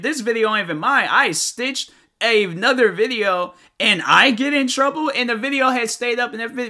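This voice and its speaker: A man's voice: fairly high pitch, pushed and bright. A young man hosting his own podcast, rambling casually in slang with lots of fillers and restarts. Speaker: podcast host. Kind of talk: casual solo podcast recap.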